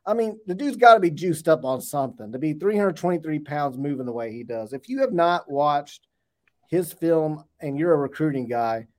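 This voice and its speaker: A man co-hosting a sports podcast, talking excitedly about recruits with joking trash talk and rapid bursts. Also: on the high side. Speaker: podcast co-host.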